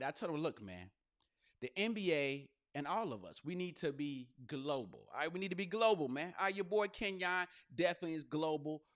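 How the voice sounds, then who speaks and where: A male comedian hosting a podcast, riffing in an animated, profane monologue full of slang. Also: a little high.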